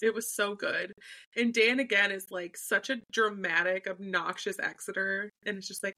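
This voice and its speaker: A young woman co-hosting a casual podcast, telling stories in an animated, chatty way. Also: mid-range voice, moderate pace, rough recording. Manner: chatty, animated storytelling with frequent laughs. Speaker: podcast co-host. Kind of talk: casual chat.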